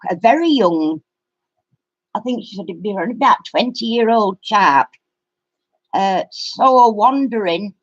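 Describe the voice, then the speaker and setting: A woman's voice: mid-range voice, no room sound. A middle-aged woman, telling a long story in a casual live-stream chat. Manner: rambling storyteller. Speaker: craft channel host. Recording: dry, muffled lo-fi sound.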